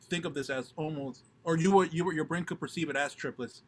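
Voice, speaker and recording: A man's voice: on the high side, fast, slight background noise. A man on a drumming video call, chatting casually and filling his speech with "like". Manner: filler-heavy, repeats "like" a lot. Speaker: drummer guest on a stream. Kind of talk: casual chat.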